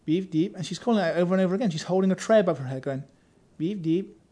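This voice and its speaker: A man's voice: sits high, animated, rapid-fire, mellow. A man who writes for a games magazine, telling a wry, self-mocking anecdote in casual podcast chat.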